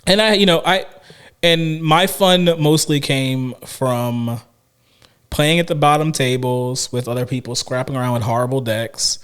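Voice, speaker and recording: A man's voice: mid-range voice, a little slow, a bit bright, smooth. A man co-hosting a casual podcast chat, rambling with many restarts and fillers. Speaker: podcast co-host.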